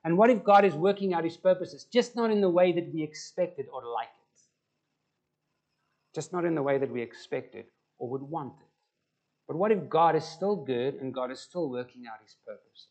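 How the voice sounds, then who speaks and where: A man's voice: fairly high pitch, moderate pace, a little mellow. A man preaching a conversational sermon and putting questions to the congregation. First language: Afrikaans. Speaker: pastor.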